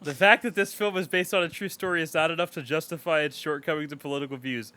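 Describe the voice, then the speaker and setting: A man with a fairly high, bright, forceful voice co-hosts a casual movie podcast. He reads a review out loud and keeps breaking off to tear into it, sarcastic and full of swearing. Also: steady tone, quick pace. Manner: reads a review aloud and rants at it with sarcastic, profane outbursts. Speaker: podcast co-host.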